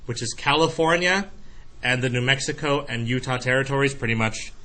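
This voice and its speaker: A man teaching a history lecture in a classroom, lively and joking, acting out quick voices to explain his points. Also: mid-range voice. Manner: animated, acts out voices in analogies.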